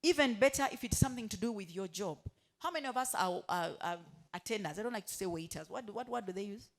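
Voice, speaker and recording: A woman's voice: medium pitch, animated, quick pace, creaky. A woman giving a motivational talk to hotel staff. She keeps asking the room questions and has them finish her sentences. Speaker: motivational speaker.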